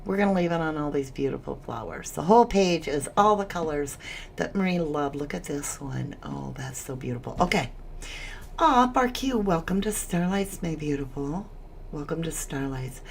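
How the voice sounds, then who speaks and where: Gravelly-voiced woman hosting a livestream. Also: low-pitched, expressive, moderate pace, slight background noise. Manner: emotional, reading viewer comments aloud. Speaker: livestream host. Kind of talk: casual livestream chat.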